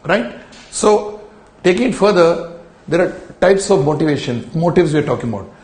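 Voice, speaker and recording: Guy lecturing to camera, kinda high voice, leans on key words, roomy studio sound. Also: lively intonation, moderate pace, a little mellow. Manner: emphatic, repeats key phrases, tells students to underline words. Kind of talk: recorded lecture on motivation.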